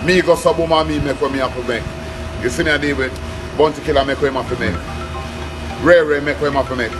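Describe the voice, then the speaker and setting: A man's voice: medium pitch, steady tone, a little fast, over music, rough recording. A man with a Jamaican accent speaking patois in an interview, emphatic and boastful. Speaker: dancehall artist in interview.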